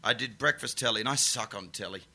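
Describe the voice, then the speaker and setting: A man and comedian talking casually, animated, with stammering restarts. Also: on the low side, fast, vocal fry, slightly rough. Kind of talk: casual conversation.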